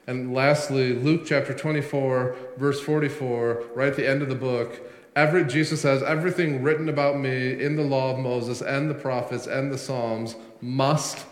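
A man delivering a sermon, leaning hard on key words and drawing them out as he builds. His voice sits at an ordinary middle pitch. It rings out through a roomy sanctuary with a long reverb tail. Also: fairly even intonation. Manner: emphatic preaching, slowing and swelling on key words. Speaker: pastor.

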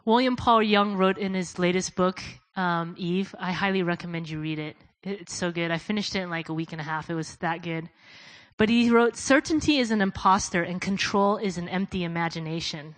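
A woman preaching a sermon, telling stories in a casual way, dropping soft and low for quoted prayers and rising loud when she urges her listeners. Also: normal speed, no room sound, poor audio. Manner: addresses listeners as "guys".

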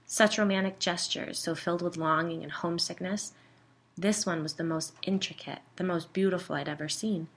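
A woman with a low voice narrates her own story in a wry, conversational manner. She reads it like an audiobook. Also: steady tone, moderate pace, a bit bright. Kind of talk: first-person story narration.

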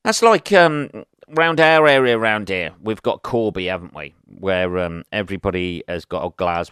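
A man's voice: sits low, a bit bright, smooth, dry recording, studio quality. A man, chatting alone on his podcast, rambling, swearing and tagging on rhetorical questions. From England. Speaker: podcast host. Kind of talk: solo podcast monologue.

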